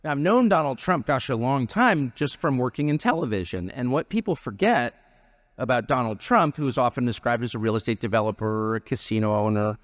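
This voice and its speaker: A man's voice: mid-range voice, lively intonation, brisk. A man in his fifties giving a rally speech with wry, joking asides. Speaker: guest speaker at a political rally.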